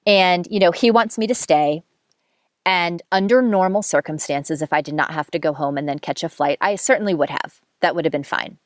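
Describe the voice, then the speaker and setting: A woman with a lowish voice talks through a personal story in casual monologue. She is candid and self-mocking, and she swears freely. The sound is dry and close, with no room echo. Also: moderate pace. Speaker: podcast host telling a dating story.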